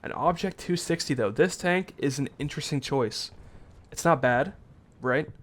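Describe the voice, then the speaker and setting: A man's voice: a little high, moderate pace, a bit bright. A man giving live commentary on an online tank game match in a casual, rambling way, often correcting himself and trailing off with fillers. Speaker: esports caster.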